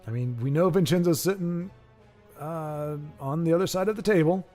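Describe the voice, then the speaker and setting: A man's voice: a little high, moderate pace, dark tone, faint music behind. A man giving casual, self-deprecating live-stream commentary on a card game match. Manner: rambling, self-deprecating, joking. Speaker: streamer and caster.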